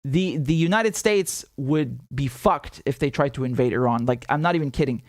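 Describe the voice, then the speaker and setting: A man's voice: mid-range voice, normal speed, no room sound, studio quality. Blunt, profane male live-streamer. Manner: blunt, profane, animated, with many repeated words. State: has a headache. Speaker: political commentator hosting a live stream. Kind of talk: casual live-stream commentary reading chat.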